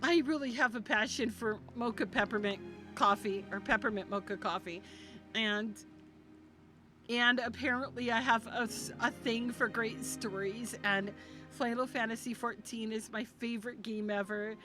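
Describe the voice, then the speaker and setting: A woman's voice: a little high, fairly even intonation, normal speed, sharp tone. A woman game streamer chatting casually on a live stream, gushing and affectionate with her viewers. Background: game music.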